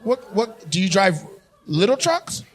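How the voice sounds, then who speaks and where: Male stand-up, crowd work; unhurried, animated delivery, laughs through lines, teasing. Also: high-pitched, a little hiss or hum. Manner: teasing, loud, often laughing mid-sentence. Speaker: stand-up comedian.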